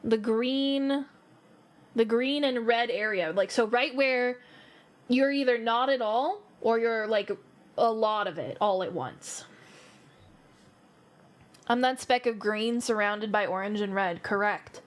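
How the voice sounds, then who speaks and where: A woman's voice: fairly high pitch, takes it slowly, long pauses. A young woman streamer from the American South, chatting casually with her viewers and thinking aloud. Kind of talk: casual chat with live viewers. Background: faint background music.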